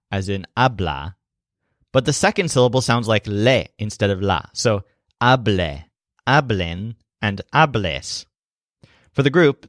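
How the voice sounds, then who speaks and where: A man narrating a language lesson in a clear, explanatory way. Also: on the low side, a bit bright, dry recording, clean studio sound. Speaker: language teacher.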